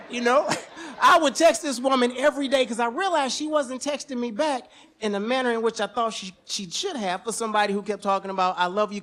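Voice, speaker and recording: Animated high-voiced male storyteller. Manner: animated, conversational, slangy. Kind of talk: live stage storytelling. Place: stage at a museum event.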